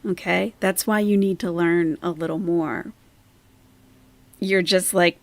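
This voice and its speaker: A woman's voice: fairly low pitch, creaky, dry recording. A woman hosting a reaction commentary, mocking the person in the clips she plays. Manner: scornful, mocking. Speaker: commentary channel host.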